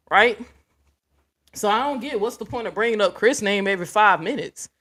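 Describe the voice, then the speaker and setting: A woman's voice: medium pitch, fairly bright tone. A woman in the middle of her vocal range hosts a casual livestream, addressing her chat directly. She talks bluntly and swears freely, with an outspoken, unfiltered delivery. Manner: blunt, profane, talks straight to viewers. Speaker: livestream host.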